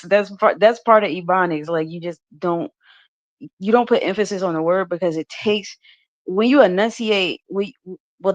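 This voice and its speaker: A woman's voice: on the low side, muffled recording. A woman on a podcast panel talking casually, rambling with many fillers and restarts and laughing often. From United States. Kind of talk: casual livestream discussion.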